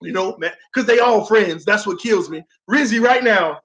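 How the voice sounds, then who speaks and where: A man's voice: sits high, normal speed, fairly bright tone, rough recording. A man reacting to a football game on a live stream, calling plays and dramatically groaning and laughing at viewer comments.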